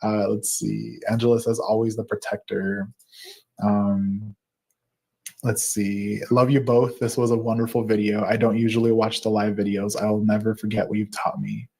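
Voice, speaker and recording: A man's voice: lowish voice, level tone, moderate pace, gravelly. Man, 30s, live-stream host reading chat aloud, chatty, laughs a lot, fillers between comments. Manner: warm, laughs often, reads with fillers.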